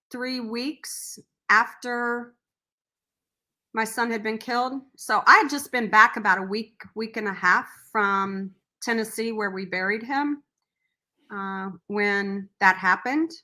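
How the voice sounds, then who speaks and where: A middle-aged woman telling a personal story as an interview guest, earnest and animated, acting out what people said. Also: fairly high pitch, slow pace. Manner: earnest, animated storyteller who acts out quotes. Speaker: podcast guest, nonprofit founder.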